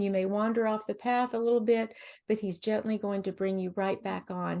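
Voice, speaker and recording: A woman guest on a faith podcast, talking in a gentle, encouraging way with frequent restarts. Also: medium pitch, vocal fry. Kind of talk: faith-based podcast conversation.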